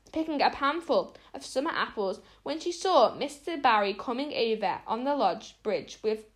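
A woman reading a classic storybook aloud with expression, often tripping on words and restarting. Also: fairly high pitch. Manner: expressive reading with frequent small stumbles and restarts. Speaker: narrator.

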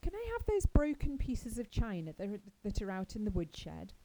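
A woman reading aloud as a chatty, dreamy orphan girl who gushes with wide-eyed excitement. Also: mid-range voice, normal speed, rough recording. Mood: gushing. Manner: breathless, gushing and wide-eyed. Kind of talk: audiobook character reading.

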